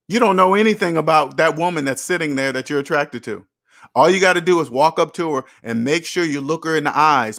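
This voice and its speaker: A man's voice: a little high, fairly bright tone. A man in his thirties or older hosting a casual livestream, talking bluntly and preachily to viewers and swearing freely. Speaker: host. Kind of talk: casual livestream talk, reading and answering chat.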